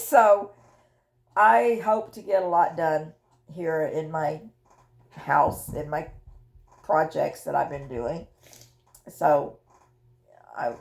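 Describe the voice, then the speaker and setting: An older woman speaks slowly in a low, gravelly voice, recording a personal grief vlog. She is emotional and halting, circling back and repeating words as she finds her way. Her delivery is unhurried and heartfelt. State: widowed, tearful. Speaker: vlogger sharing her grief journey.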